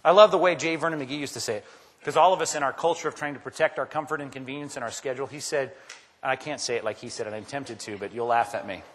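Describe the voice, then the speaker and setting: A man preaching a sermon as pastor, animated and conversational, jumping his pitch up sharply when he acts out quoted voices. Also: fast, slight background noise. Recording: long hall reverb.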